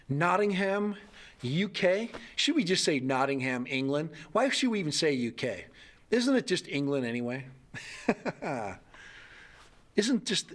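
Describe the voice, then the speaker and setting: A middle-aged man from the United States hosts a casual livestream. He rambles, jokes and reads comments aloud in a slightly higher voice. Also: a bit bright. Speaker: livestream host.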